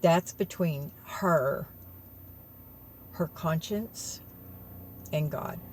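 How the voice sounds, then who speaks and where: A woman's voice: low-pitched, very slow, a little hiss or hum. A woman telling viewers a story in an earnest, tearful way, calling them y'all. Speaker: vlogger.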